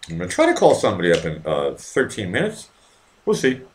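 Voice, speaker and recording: A man's voice: medium pitch, huge pitch swings, quick pace, creaky, a little hiss or hum. A man hosting a live stream in a casual, rambling and profane way, reading out viewer comments and sometimes putting on silly voices. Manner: rambling, profane, easily distracted. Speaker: live-stream show host.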